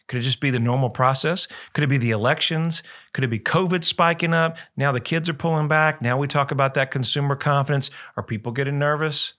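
A man hosts a local real estate radio show, talking in a loose, rambling, chatty way. His voice is bright and forward. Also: medium pitch, brisk, few pauses. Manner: rambling, chatty, animated quoting. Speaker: radio show host, realtor. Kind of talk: casual radio talk.

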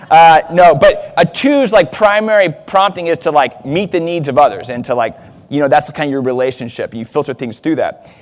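A man, a pastor, giving a casual, self-deprecating sermon in a church, with fillers and asides. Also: fairly high pitch. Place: church sanctuary. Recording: long reverb of a church hall.

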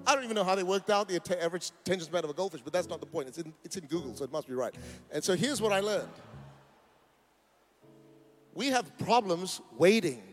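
High-voiced man preaching emphatically. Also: lively intonation, fast, long pauses, faint music behind. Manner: emphatic, rising to a rousing preaching cadence with joking asides. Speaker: pastor. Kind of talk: sermon. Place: church auditorium.

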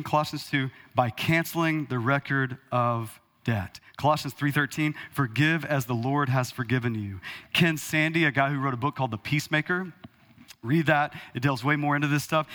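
Pastor guy preaching, bright edgy voice, pitched kinda high, big hall echo. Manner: animated, rhetorical, prompts the congregation. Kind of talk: sermon. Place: church hall. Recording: long hall reverb.

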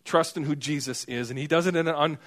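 A man's voice: fairly high pitch, fast. A man preaching a sermon in a conversational way, acting out the people in the story. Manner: conversational, acts out quoted characters.

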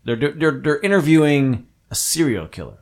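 Excitable swearing man telling movie stories. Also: a little high, moderate pace. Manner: excitable storyteller, swears freely, acts out quotes. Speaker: podcast host. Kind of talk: casual chat.

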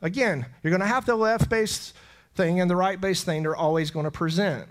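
A middle-aged man preaching an impassioned sermon, intense and emotional, sometimes dropping to a whisper and then surging louder. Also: sits high, moderate pace.

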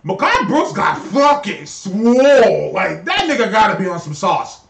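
A man co-hosting a podcast in casual chat, ranting in an animated, profane way with a lot of laughter. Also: high voice, unhurried, vocal fry, reverberant, recorded from a distance, a crowd in the background. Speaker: podcast co-host.

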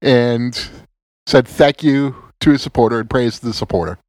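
A podcast co-host talks casually in an animated, sarcastic way, swearing a lot and often stammering and restarting his sentences. His voice is mid-range and his pace moderate, with no room sound.

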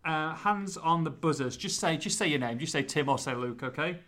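A man's voice: a little high, fairly quick. A man hosting a casual podcast, running a quiz with upbeat, bantering energy. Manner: upbeat, bantering, lively delivery. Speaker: podcast host.

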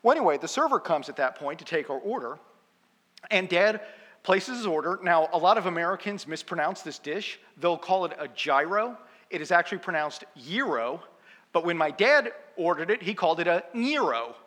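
Bright-voiced man in his fifties, preaching. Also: sits high, animated, a little fast, big-room sound. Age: 50s. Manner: self-deprecating, chatty, laughs at own jokes. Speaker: guest preacher. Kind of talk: humorous storytelling sermon.

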